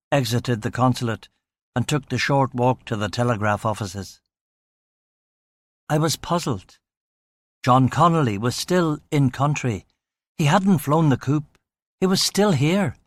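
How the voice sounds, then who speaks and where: A male audiobook narrator reading first-person crime fiction in a wry, understated way. His voice sits at an ordinary pitch. The recording is close and dry, with no room sound. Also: dry recording.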